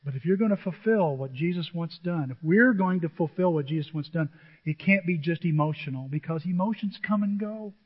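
A male pastor preaching a sermon to his church, animated and emotional, often jumping into excited high exclamations. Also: brisk. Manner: self-described emotional. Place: church sanctuary with a screen. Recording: dull, long hall reverb.

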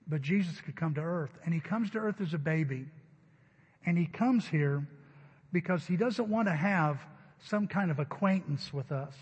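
A man's voice: fairly high pitch, darkish tone, breathy edge, in a large hall, highs cut off. A middle-aged man preaching a sermon in a church, telling stories in a conversational way. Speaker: pastor. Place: church sanctuary.

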